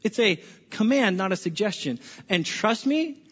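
In a church hall full of listeners, a pastor who oversees small groups gives a conversational sermon, frequently restarting words and putting questions to the room. His voice is high and animated, a little slow, with a breathy edge. The hall is echoey and the sound dull and lo-fi.

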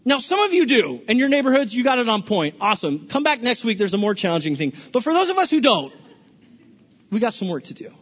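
A man preaching a sermon as a pastor, animated and playful, often stammering and restarting his sentences. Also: very high voice, fast talker, slightly rough. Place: large church hall. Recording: dull lo-fi recording with long hall reverb.

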